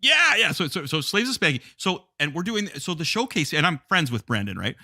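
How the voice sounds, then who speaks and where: A man in casual chat, telling a rambling, excitable story full of fillers. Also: fairly high pitch, a little fast, over a noisy crowd. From Canada. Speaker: host musician.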